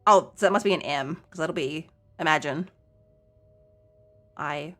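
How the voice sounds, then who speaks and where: A woman's voice: sits low, measured pace, long pauses, sharp tone. A woman streaming a game, chatting playfully, laughing often and reading in-game letters aloud. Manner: playful, giggly, reads letters aloud with joking asides. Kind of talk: casual game let's play.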